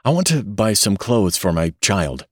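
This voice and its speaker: A man's voice: fairly low pitch, big pitch swings, moderate pace, husky, dry recording, studio quality. A man voicing a frantic, flustered middle-aged father, speaking in a nervous, rattled way.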